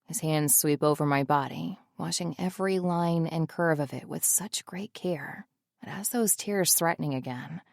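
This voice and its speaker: A woman's voice: sits low, moderate pace, gravelly, no echo. A woman narrating a first-person romance audiobook in an intimate, emotional way on a close studio mic.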